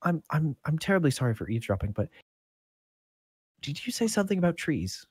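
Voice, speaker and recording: A man's voice: on the high side, sing-song, brisk, darkish tone, slightly rough, no echo, studio quality, pitched above the performer's own voice. A man doing a flustered teenage serving girl. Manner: flustered, stammering and apologetic. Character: shy sixteen-year-old serving girl.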